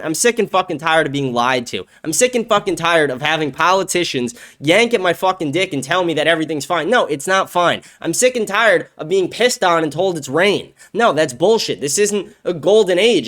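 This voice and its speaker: A man's voice: on the high side, fairly bright tone. A man in his twenties hosting a show, delivering an angry, profane political rant. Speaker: show host.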